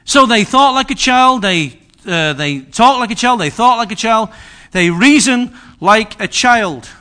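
A man's voice: high voice, a little slow. An older man preaching a sermon in a church, telling stories and asking the congregation questions. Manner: lively, storytelling, asks the congregation questions.

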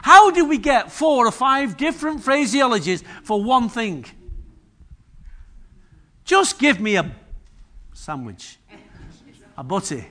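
A man's voice: extremely high pitch, big pitch swings, takes it slowly, pauses often, bright, forceful tone. A man preaching a sermon in a humorous, chatty way, often asking the congregation questions.

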